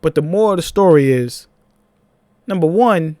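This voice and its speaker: A young man with a Philadelphia accent, telling a personal story in a casual, animated vlog, with laughing asides. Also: fairly high pitch, moderate pace, no echo.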